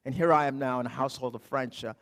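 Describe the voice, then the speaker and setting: A middle-aged man, a pastor, preaching a conversational sermon, telling stories with humor and moving from quiet lows to loud emphatic highs. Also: very fast. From Canada.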